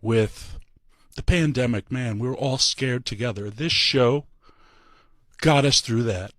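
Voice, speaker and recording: A tearful man giving an emotional farewell speech as a departing pro wrestler, halting and full of pauses. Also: medium pitch, fairly bright tone, no room sound, clean studio sound.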